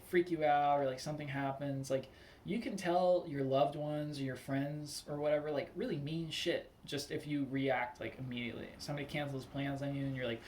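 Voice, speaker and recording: A young man talking casually on his own, rambling with lots of "like" and acting out quick angry replies. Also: medium pitch, a little hiss or hum. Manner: loose and rambling, full of "like", acts out angry quotes. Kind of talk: casual spoken monologue.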